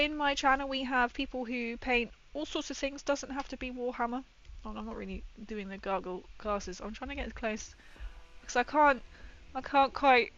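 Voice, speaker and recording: A woman hosting a casual live stream while she paints miniatures, chatting excitedly and greeting her viewers. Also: a little high. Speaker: livestream host painting miniatures. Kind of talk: casual livestream chat.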